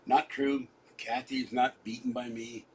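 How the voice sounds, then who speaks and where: A man's voice: medium pitch, flat delivery, measured pace, slightly rough, rough recording. A man in his sixties hosting a livestream, chatting to viewers in a rambling way with frequent restarts. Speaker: livestream host. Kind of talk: rambling live-stream chat.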